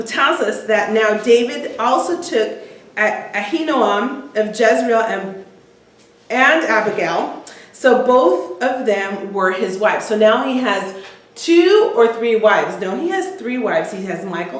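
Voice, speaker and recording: A woman teaching a women's Bible study, retelling scripture in casual everyday words with frequent ums. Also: fairly high pitch. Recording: echoey room, voice from far off the mic.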